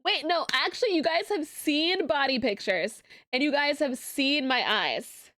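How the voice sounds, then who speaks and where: A woman streamer chatting casually with her viewers, excitable and quick to laugh, often jumping up into a squealing high pitch. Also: no room sound, studio quality. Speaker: streamer reacting to memes. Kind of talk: casual live-stream chat.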